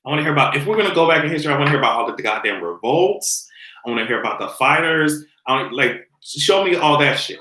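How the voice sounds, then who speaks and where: Dude venting on his stream, kinda high and bright, laughs a lot, echoey room. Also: fast. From Jamaican heritage. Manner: animated, exasperated, slangy, laughs often. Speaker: livestream host. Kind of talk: casual commentary rant.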